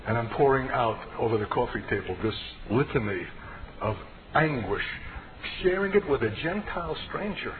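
A man's voice: mid-range voice, animated, normal speed. A man from the United States giving an impassioned, emphatic personal testimony sermon. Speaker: preacher giving his testimony. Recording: tinny, noisy radio broadcast.

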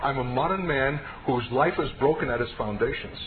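A man's voice: mid-range voice, a little fast. A man from the United States giving an impassioned, emphatic personal testimony sermon. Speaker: preacher giving his testimony. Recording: tinny, noisy radio broadcast.

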